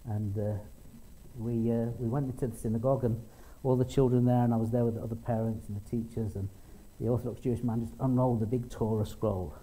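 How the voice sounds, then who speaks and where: A man's voice: mid-range voice, fairly even intonation, fast, warm tone, low-quality recording. A middle-aged man preaching a conversational sermon, telling stories and quoting people in small acted voices. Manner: conversational, with restarts and acted quotes. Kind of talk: sermon with storytelling.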